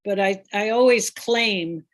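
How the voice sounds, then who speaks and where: A woman's voice: mid-range voice, slow pace. Brief: mid-range woman interviewer, literature teacher, chatty and amused. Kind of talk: conversational interview.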